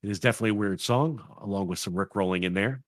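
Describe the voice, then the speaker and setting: A man's voice: fairly low pitch, very fast, no echo, clean studio sound. A man hosting a casual gaming podcast, chatting loosely and laughing often. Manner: laughs often, relaxed rambling. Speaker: podcast host.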